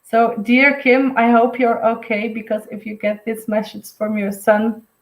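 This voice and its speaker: Slow-talking higher-voiced woman medium. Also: flat delivery, echoey room, poor audio. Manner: rambling, heartfelt, filler-heavy. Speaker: intuitive medium. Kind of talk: live intuitive card reading. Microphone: webcam or phone on a live stream.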